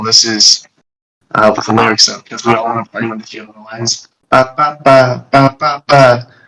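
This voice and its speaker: A man's voice: mid-range voice, sharp tone, breathy edge, rough recording. Rambling young man breaking down an album. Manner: rambling, restarts, jokey. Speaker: podcast host.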